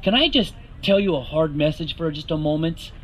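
A man's voice: a little high, animated, moderate pace, a little hiss or hum, low-quality recording. A man preaching a sermon, earnest and rising to emphatic questions to the congregation.

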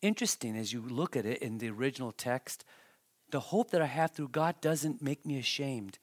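A man preaching a sermon as a pastor, conversational and then emphatic, with animated asides to the congregation. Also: mid-range voice, normal speed.

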